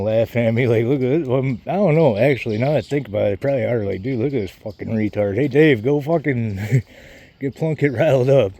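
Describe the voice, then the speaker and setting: A man's voice: medium pitch, warm tone. Rambling, out-of-breath man on a walk. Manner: rambling, swears a lot, loses his train of thought. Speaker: vlogger. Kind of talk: rambling casual vlog while walking outdoors. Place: outdoors on a walk, birds around.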